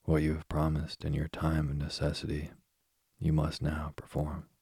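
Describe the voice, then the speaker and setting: A man's voice: rumbling low, completely flat delivery, moderate pace, creaky, warm tone, breathy edge, dry recording, studio quality, heavily acted. A man voicing a stern, commanding older king and father in a storybook reading.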